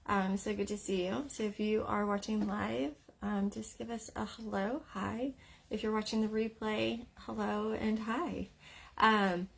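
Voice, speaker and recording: Woman, live-stream coach, frank and teary-edged, gravelly tone, mid pitch. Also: fairly even intonation, measured pace. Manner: candid, with frequent "um" fillers. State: emotional after crying. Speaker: eating psychology coach. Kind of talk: casual live stream talk.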